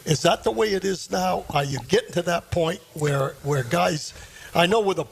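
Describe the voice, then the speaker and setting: A man who used to coach, now co-hosting a sports radio show, talking in a halting, reflective way. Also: high voice, creaky, a little hiss or hum. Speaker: radio co-host, former coach. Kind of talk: casual sports radio chat.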